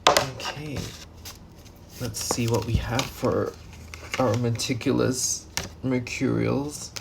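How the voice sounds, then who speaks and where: A man's voice: mid-range voice, steady tone, slow pace, vocal fry, noisy background. A man giving a casual tarot reading, rambling loosely with many fillers and restarts and the odd swear word. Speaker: tarot reader.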